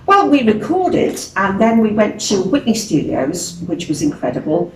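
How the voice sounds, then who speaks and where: This time the older Birmingham-accented singer speaks at medium pitch and a moderate pace against a noisy background. As a guest in a casual storytelling interview in a venue room, she chats animatedly, laughs often and mimics other voices, all caught by a distant mic in the echoey space.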